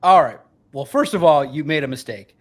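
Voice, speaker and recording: On a sports podcast where he's a guest, a man in his forties talks emphatically, rambling and swearing plenty, a bit tipsy from beer. His voice sits on the high side, with lively intonation and a slightly fast pace.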